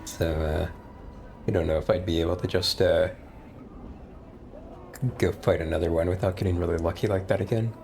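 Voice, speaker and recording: A man's voice: deep voice, fairly even intonation, normal speed, long pauses, a little mellow, slight background noise. A man streaming a role-playing game, chatting casually with lots of hesitations and reading the game text aloud. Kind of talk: casual let's-play commentary. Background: game music.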